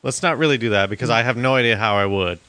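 A man's voice: mid-range voice, fast, pushed and bright, no echo. A man co-hosting a podcast, skeptical and teasing, blunt in how he puts things. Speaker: co-host. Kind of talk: casual podcast chat.

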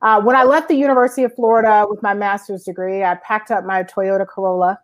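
Interview guest: woman in her forties from Georgia, lively anecdotal storyteller with many "uh" fillers, mid-pitched voice. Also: fast talker. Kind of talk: conversational storytelling.

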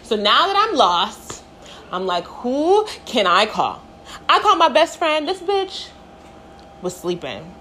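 A woman's voice: high-pitched, measured pace, slight background noise. A young woman vlogger telling a story in a casual, dramatic, swear-filled way. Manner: animated, profane, dramatic.

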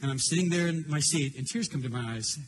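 An older male pastor preaches in a high voice, earnest and openly emotional as he tells his story. Faint noise hangs behind him. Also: quick pace. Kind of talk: sermon.

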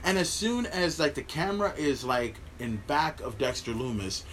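A man's voice: on the high side, sing-song, normal speed, fairly bright tone, slight background noise. A man hosting a podcast, recapping a wrestling show in a rambling, profane way, with many fillers. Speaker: podcast host.

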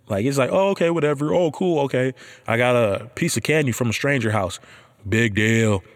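A man in his thirties hosts a casual monologue in an animated, slangy manner and swears freely. His voice sits at a middle pitch.

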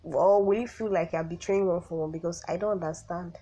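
A woman's voice: on the low side, fairly even intonation, brisk, warm tone, slightly rough, low-quality recording. A young woman who is sick, hosting her own podcast in a chatty, rambling way with exasperated asides. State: sick, voice affected. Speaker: podcast host. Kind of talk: casual solo podcast chat.

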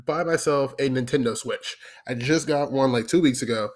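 A man's voice: medium pitch, moderate pace, few pauses. A man in his twenties ranting casually, swearing freely and checking in with his listeners. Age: 20s. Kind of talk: casual comedic rant.

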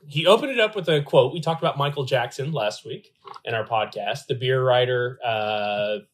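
A man's voice: medium pitch, normal speed. A man hosting a casual beer podcast, reading an article aloud with playful emphasis. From Louisville area, US. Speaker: podcast host.

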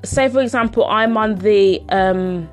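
A woman's voice: medium pitch, unhurried, faint music behind. A woman telling a casual personal anecdote in a chatty, rambling way, full of fillers. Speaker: storyteller.

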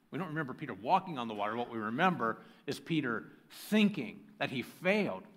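Guy pastor w a slightly high voice, reads the bible passage then preaches right at the congregation. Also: a bit bright. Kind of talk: sermon. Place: church sanctuary with a congregation.

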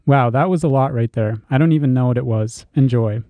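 A young man reads listener emails on a casual podcast and drops wry asides between lines. His tone is mellow and relaxed. The recording is dry and close. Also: medium pitch, a little fast, no echo. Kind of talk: casual chat.

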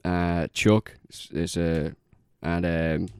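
Low-voiced man rambling with a laugh. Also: flat delivery, slow pace, clear, resonant tone, no echo, clean studio sound. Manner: rambling, laughing, many fillers and "like". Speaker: podcast co-host. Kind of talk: casual chat.

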